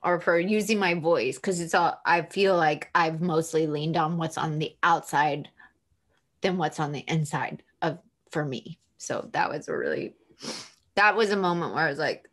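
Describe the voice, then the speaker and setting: A woman's voice: sits low, normal speed. A woman, a guest author, telling a personal story in an open, emotional way and acting out the voices she quotes.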